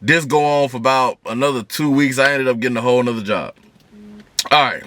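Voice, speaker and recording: Animated man telling a story. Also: mid-range voice, brisk, dry recording. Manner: animated, slangy storytelling with voiced quotes. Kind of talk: casual storytime. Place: car. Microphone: camera in the car.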